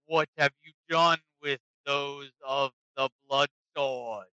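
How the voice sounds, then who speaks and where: Man doing haughty old dragon for a tabletop game, slow, commanding, bright crisp tone, muffled dry mic. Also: medium pitch, fairly even intonation, dry recording. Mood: demanding. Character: ancient male dragon, haughty and menacing.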